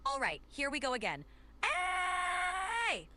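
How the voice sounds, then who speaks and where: Synthetic woman voice, AI assistant, high-pitched, very expressive pitch, polite and upbeat. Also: a little fast, a little hiss or hum. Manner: polite, upbeat and accommodating, stretched vowel shouts. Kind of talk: cheerful assistant replies.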